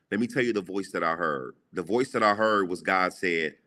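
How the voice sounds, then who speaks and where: A man's voice: deep voice, moderate pace, few pauses, sharp tone. A man giving an emphatic, preacherly motivational talk as a guest entrepreneur, repeating lines for emphasis. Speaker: guest, entrepreneur and TV show creator.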